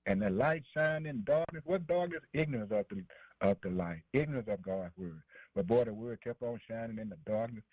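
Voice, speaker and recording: A man's voice: lowish voice, animated, fairly quick, no echo. A man a sermon, rhythmic and repetitive, calling out "man" and "boy" between phrases. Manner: preachy call-and-response, fillers like man and boy. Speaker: preacher. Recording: dry, dull lo-fi radio broadcast.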